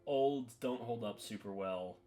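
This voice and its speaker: A man giving relaxed, offhand commentary while ranking miniatures, often saying "uh" and "eh". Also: medium pitch, a little slow, soft background music. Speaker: hobby video creator. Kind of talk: casual tier-list commentary.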